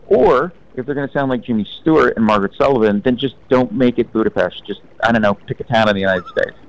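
A man's voice: mid-range voice, fast talker, poor audio. A man in casual conversation about old films, giving blunt, opinionated takes. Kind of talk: casual film discussion.

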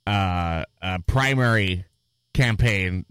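A man's voice: low-pitched, slow pace, fairly bright tone, clean tone, dry recording. A man co-hosting a casual chat, joking around and talking with hesitant restarts. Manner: jokey, hesitant, with frequent restarts and sound-effect gags. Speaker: podcast co-host.

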